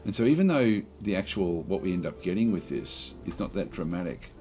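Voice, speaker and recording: Low-voiced male let's-player, thinks aloud, halting delivery, faint music behind. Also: lively intonation, a little mellow. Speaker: game commentator. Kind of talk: strategy game let's play commentary.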